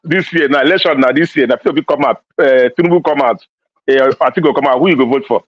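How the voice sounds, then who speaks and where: A man's voice: mid-range voice, dry recording, lo-fi sound. A man with a Nigerian Pidgin accent interviewing, firing pushy questions and cutting in. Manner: pushy, rapid-fire questioning. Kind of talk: probing questions.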